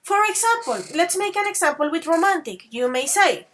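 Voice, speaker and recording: A woman's voice: very high-pitched, very animated, brisk, hardly any pauses, fairly bright tone. A woman teaching an online English grammar lesson, patient and affectionate, calling students babies and dears and switching into to explain.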